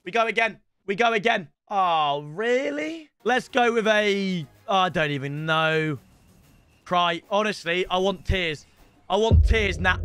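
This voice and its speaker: A young man commentating excitedly on his own video game stream, shouting between calm stretches. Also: sits high, a little slow, clear, resonant tone. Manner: excitable, shouts and swings between hype and frustration.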